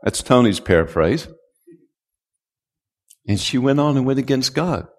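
A male pastor preaching a sermon, who builds to loud call-and-response and draws out key words. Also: mid-range voice, lively intonation, a little slow. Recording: long hall reverb.

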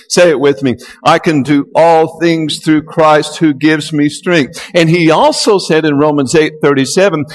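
A male pastor preaching a sermon, who builds to loud call-and-response and draws out key words. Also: fairly high pitch, measured pace, few pauses. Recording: long hall reverb.

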